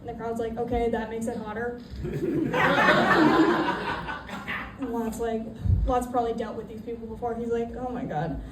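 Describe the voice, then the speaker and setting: A woman's voice: on the high side, steady tone, unhurried, pauses often. A woman performing a stand-up comedy routine, brashly telling a story and acting out the voices in it. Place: comedy club stage with audience. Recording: roomy, distant, noisy club audio.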